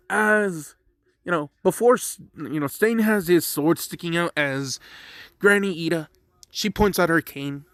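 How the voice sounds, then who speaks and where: A man's voice: on the high side, unhurried, fairly bright tone, no room sound. Guy rambling through his fan story, fixes his own slipups, cusses a lot, dry close sound. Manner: rambling, self-correcting, swears freely. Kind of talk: casual story narration.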